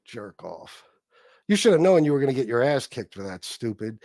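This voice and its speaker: A man hosting a live stream, reading the chat aloud and giving shout-outs, swearing heavily in a combative, angry way. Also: mid-range voice, big pitch swings, moderate pace, dry recording, clean studio sound. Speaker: livestream host reading chat.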